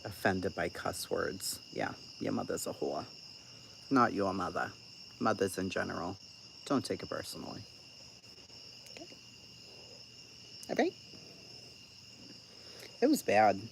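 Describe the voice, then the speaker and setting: Blunt, foul-mouthed woman with a lively voice. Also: very deep voice, measured pace, vocal fry, long pauses, background noise. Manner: blunt and profane, swears freely; sarcastic storytelling about an argument. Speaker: live streamer. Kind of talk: casual live-stream chat.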